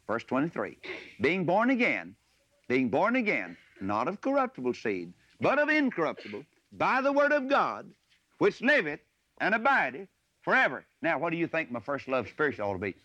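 A man preaching a sermon, mixing folksy personal asides with loud, rising emphasis on scripture verses. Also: mid-range voice, dry recording. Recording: dull lo-fi recording.

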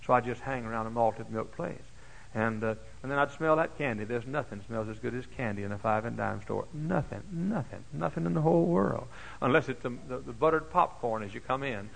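Gravelly older pastor preaching. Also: male voice, brisk, rough recording. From Dallas, Texas. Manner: folksy, dramatic, swings from hushed asides to high shouted exclamations. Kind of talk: sermon with personal storytelling. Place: church.

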